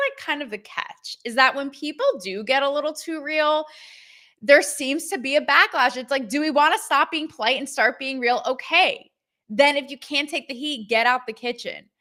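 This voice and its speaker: A woman host with a bright, fairly high voice talks through her take on the day's news in a loose, animated way. She goes off on quick asides and mixes in laughs as she goes. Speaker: show host. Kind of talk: casual commentary.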